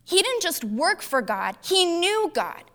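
A woman preacher teaching a Bible passage in a lively, conversational, humorous way. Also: extremely high pitch, a little slow.

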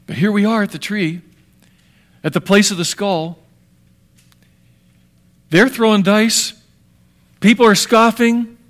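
High-voiced preacher, hushed to emphatic. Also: male voice, fairly even intonation, takes it slowly, long pauses. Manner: dramatic, swings from hushed to emphatic. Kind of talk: sermon.

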